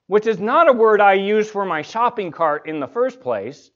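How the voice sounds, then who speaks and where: A man's voice: high voice, sing-song, normal speed. A man preaching a sermon in a conversational storytelling way, as a pastor. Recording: dull lo-fi recording.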